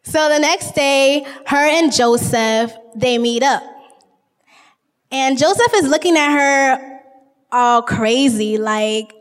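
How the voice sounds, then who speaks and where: A woman's voice: sits high, slow pace, in a large hall. Goofy chatty woman retelling scripture. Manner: goofy, chatty, uses lots of "like". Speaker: informal Bible teacher. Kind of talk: casual Bible retelling.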